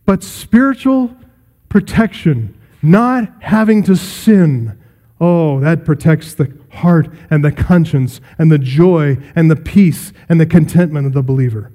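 A man preaching an expository sermon, emphatic and slowing down to stress key phrases. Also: on the high side, mellow, big-room sound.

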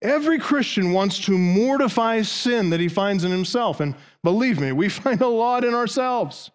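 A man's voice: high voice, lively intonation, moderate pace, clear, resonant tone. A man preaching a sermon, driving his point with long runs of rhetorical questions. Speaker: pastor.

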